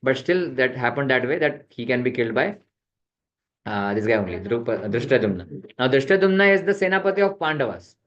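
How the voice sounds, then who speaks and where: A man's voice: medium pitch, big pitch swings, a little fast. Man teaching a scripture class. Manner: retells the epic with acted quotes, mixing Hindi words. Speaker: spiritual teacher. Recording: dull lo-fi sound.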